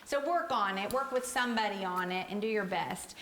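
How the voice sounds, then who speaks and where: A woman's voice: medium pitch, fairly quick. A woman teaching a theatre workshop to a group, chatty and encouraging. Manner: chatty, encouraging, laughs easily. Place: echoey rehearsal room with a group. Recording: roomy echo, faint hiss.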